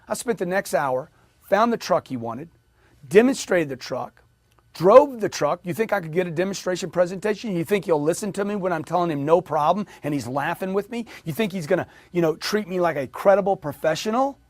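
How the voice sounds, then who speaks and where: Middle-aged male sales coach, punchy and animated, fairly high voice, dry close sound. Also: fairly quick, dry recording. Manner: emphatic, acts out customer dialogue. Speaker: sales trainer. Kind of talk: motivational sales talk.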